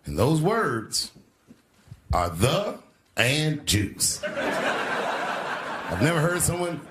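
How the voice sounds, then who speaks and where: A man in his fifties telling stories in a stand-up comedy set, animated and acting out the people in them with big jumps in pitch, recorded live in a large theater. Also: extremely slow, very noisy. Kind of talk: stand-up storytelling.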